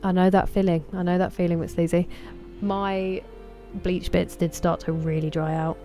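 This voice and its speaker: Low, mellow Sussex woman streaming. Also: level tone, moderate pace, soft background music. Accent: Sussex English. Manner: chatty, greets viewers by name. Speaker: game streamer. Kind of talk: casual live-stream chat.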